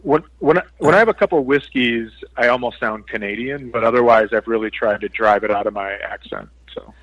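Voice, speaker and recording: A man's voice: mid-range voice, a little fast, a bit bright, lo-fi sound. A man from Minnesota, a stand-up comedian guesting on a podcast, telling stories wryly with dry punchlines. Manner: wry storytelling with dry punchlines. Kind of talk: casual chat.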